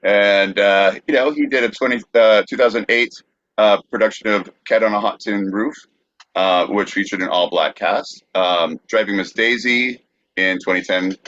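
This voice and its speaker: Low-voiced man on a dull dry mic. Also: fairly bright tone, no room sound. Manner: reads facts with many "uh" pauses. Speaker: podcast co-host. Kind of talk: casual chat.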